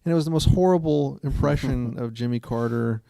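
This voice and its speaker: A man's voice: mid-range voice, fairly quick, creaky, mellow, no echo, studio quality. A man co-hosting a casual talk show who tells stories in an earnest, rambling way. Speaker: co-host. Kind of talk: casual chat.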